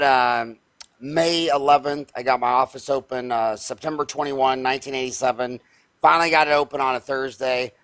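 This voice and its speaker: A man's voice: mid-range voice, fairly bright tone. A man in his fifties, hosting a show, telling a story with energy and emphasis in a folksy, conversational way. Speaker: podcast host, dentist.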